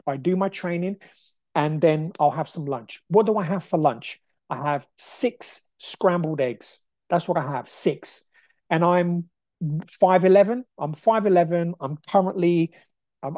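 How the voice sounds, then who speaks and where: A young man hosting a solo podcast, talking in an emphatic, energetic, motivational way. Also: fairly high pitch, no room sound, clean studio sound. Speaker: podcast host.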